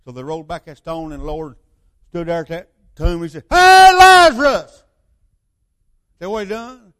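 High-voiced Southern preacher, folksy and rambling. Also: male voice, animated, fairly quick, darkish tone. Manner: folksy, rambling storytelling with rhetorical questions. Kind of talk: sermon.

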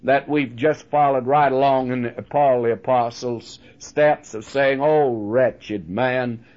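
A man's voice: mid-range voice, steady tone, a little slow, darkish tone. An older man preaching a sermon in a folksy, earnest way, drawing on homely illustrations and addressing listeners as friends. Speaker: radio Bible teacher. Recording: dull lo-fi recording.

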